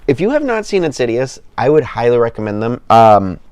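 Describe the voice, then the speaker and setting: A man's voice: mid-range voice, very animated, brisk, a little mellow, clear, resonant tone, no echo. A man hosting a casual livestream, chatting with his viewers in a rambling, enthusiastic way, full of fillers and restarts, a little tired. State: yawning, tired. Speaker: livestream host.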